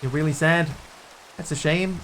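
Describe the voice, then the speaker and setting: A man streaming a building game, talking through what he does and answering questions from viewers in a relaxed, casual way. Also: a little high, normal speed, slight background noise. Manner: thinks aloud while building, answering viewers' chat.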